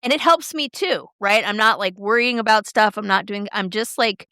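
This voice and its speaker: A woman's voice: medium pitch, no echo. A middle-aged woman chats casually as a podcast co-host, talking freely and expressively with sudden swings in tone. Her voice sits in a middle register and is recorded close and dry, with no room sound. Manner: chatty, expressive, quick shifts in tone. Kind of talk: casual chat.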